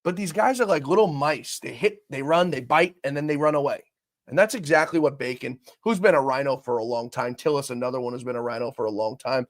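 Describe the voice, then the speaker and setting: A man's voice: mid-range voice, fairly quick. A man hosting a political show, giving opinionated commentary and talking straight to his viewers. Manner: animated, swings loud and soft, addresses viewers directly. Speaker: show host.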